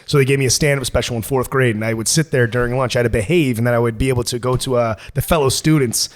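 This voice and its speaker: A man telling crude, animated stories as a guest on a casual podcast. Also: medium pitch, quick pace.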